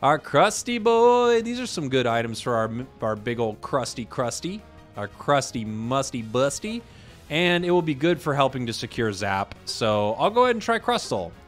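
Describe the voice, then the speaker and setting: A man hosting a gaming video, chatting casually about his matches and bursting into loud excitement at big plays. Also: mid-range voice, moderate pace, faint music behind. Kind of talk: casual gameplay commentary.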